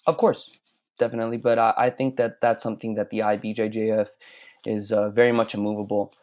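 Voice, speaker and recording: Lowish voiced guy rambling through a story in casual chat, kinda dull lo-fi sound. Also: level tone, fairly quick, a little mellow.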